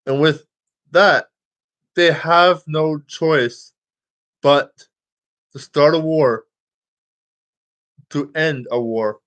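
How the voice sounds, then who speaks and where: A man's voice: a little high, extremely slow, long pauses, a bit bright, smooth. A man talking casually to his viewers, rambling, restarting lines and swearing freely. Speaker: vlogger.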